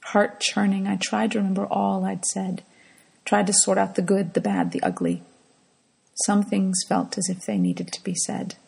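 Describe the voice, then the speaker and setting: A middle-aged woman telling a personal devotional story in a soft, hushed way that often drops to a whisper. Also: medium pitch, animated, normal speed, gravelly, husky, poor audio.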